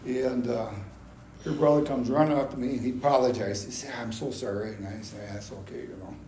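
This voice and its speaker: An older man giving a personal testimony at a gospel meeting, telling his story in an animated way and acting out his past anger. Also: medium pitch, fairly quick. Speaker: testimony speaker. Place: gospel hall. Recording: echoey hall, faint background noise.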